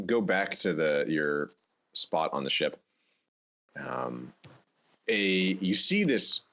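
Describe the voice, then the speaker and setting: A man narrating as game master of a tabletop game, relaxed and quick to laugh. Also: low-pitched.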